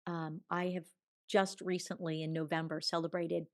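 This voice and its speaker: A woman in her sixties, a podcast guest telling a personal story in an animated way, acting out quoted dialogue and laughing often. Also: lowish voice, normal speed. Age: 60s. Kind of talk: storytelling in a conversational interview.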